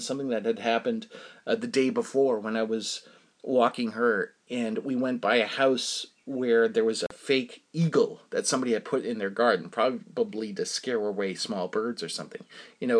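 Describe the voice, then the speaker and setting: A man in the middle of a casual personal story, circling back on himself and restarting his sentences as he goes. His voice sits at an ordinary middle pitch for a man. The delivery is loose and unhurried, like someone chatting straight to his followers. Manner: rambling, halting, many restarts.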